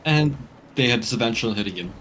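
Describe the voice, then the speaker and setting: A man in a tabletop game session tosses out jokes and curses in loose table talk. His voice sits at an ordinary pitch, and faint music plays in the background. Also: expressive, fast talker, a bit bright. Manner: joking, swears often. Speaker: player. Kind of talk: casual tabletop game chat.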